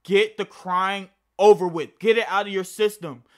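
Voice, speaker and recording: A man's voice: sits high, fairly even intonation, normal speed. A young man telling a casual personal story to camera, rambling and profane, often restarting his sentences. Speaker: vlogger.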